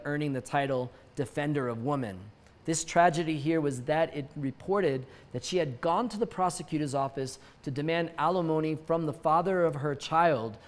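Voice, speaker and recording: Wry, high-voiced man hosting satirical news. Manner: wry, joking asides with chuckles. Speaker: news show host. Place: lives in Mexico City.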